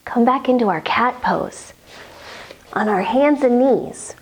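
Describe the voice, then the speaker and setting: A woman leading a children's yoga storytime, guiding gently and playfully. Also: a little high, a little hiss or hum. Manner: gentle, playful, slow sing-song guiding. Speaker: kids' yoga story teacher.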